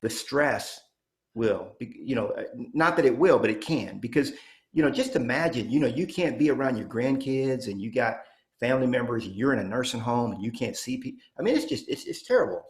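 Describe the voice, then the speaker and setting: A man in his fifties giving an energetic real estate coaching talk, punching points and checking in with "okay?". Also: medium pitch, brisk. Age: 50s. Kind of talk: motivational training talk.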